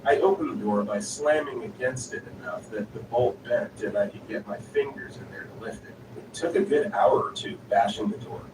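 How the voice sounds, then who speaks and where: A man's voice: medium pitch, normal speed, echoey room. Man, story narrator, distant mic, noisy background. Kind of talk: reading stories aloud.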